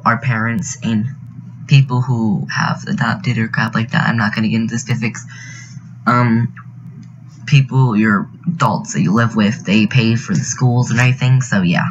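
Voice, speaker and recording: A man's voice: mid-range voice, steady tone, moderate pace, lo-fi sound, a little hiss or hum. A teenage boy, telling an indignant, rambling story over a game video, full of fillers. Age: teens. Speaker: youtuber narrating a speed build. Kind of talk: casual storytelling voiceover.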